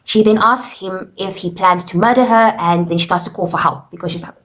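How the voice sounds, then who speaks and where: A woman teacher talks her students through a play in a relaxed, conversational way. She keeps checking in with "okay" and retells the characters' lines in her own words. Her voice sits at a middling pitch. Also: a little fast. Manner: chatty, explains with paraphrased quotes, frequent "okay" and "you know". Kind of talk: casual lesson recap.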